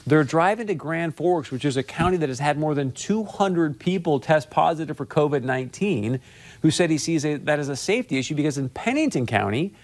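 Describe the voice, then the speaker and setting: A man hosting a political commentary show, talking straight to his audience with emphatic, repeated phrases. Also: on the high side. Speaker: talk show host.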